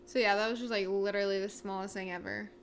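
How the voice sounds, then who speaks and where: A woman's voice: mid-range voice, flat delivery, fast, slight background noise. A young woman co-hosting a casual talk show, speaking earnestly and with many fillers. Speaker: co-host. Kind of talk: casual chat.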